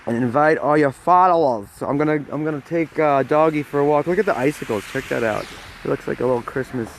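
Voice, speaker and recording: A man's voice: on the high side, fast talker, slight background noise. Joking New York man streaming outdoors in snow. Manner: joking, chatty, talking to viewers while walking in snow. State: cold, freezing. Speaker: live-stream host. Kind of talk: casual live-stream chat. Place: outdoors on a snowy city street. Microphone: phone held in hand.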